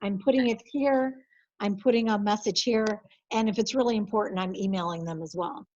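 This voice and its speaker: A woman working as a compliance coordinator, walking colleagues through software in a practical, lightly chatty way. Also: medium pitch, a little fast, highs cut off. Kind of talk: software training over video call.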